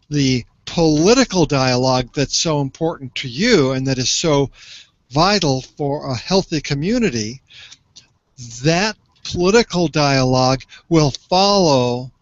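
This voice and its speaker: A man's voice: medium pitch, dry recording. An older man explaining earnestly in a conversational discussion, telling a story to make his point. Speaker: social media commentator. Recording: slightly muffled lo-fi.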